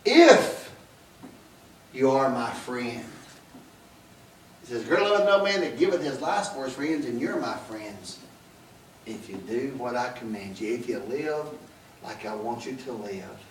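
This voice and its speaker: A male pastor, preaching a sermon in a church that builds from hushed to loud and emphatic. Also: medium pitch, expressive, measured pace, a little hiss or hum. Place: church sanctuary. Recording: roomy church sound, mic at a distance, loud piano underneath. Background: piano playing under the sermon.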